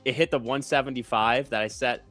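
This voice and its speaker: A man co-hosting a live trading stream, chatting casually and getting excitable and laughing over his trades. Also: medium pitch, brisk, no room sound, faint music behind. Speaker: live trading show co-host. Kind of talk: casual chat.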